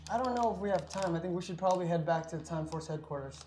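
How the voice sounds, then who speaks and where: A man playing a tabletop game in character, talking in a halting, emotional way with many restarts. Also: sits high, a little mellow. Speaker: player. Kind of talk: in-character role-play.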